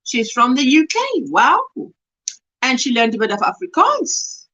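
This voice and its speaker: South African woman, livestream host, high voice, bright tone, chatty, laughs often. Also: very animated, unhurried, muffled recording. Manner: reads chat messages aloud warmly, laughing often. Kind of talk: casual livestream chat.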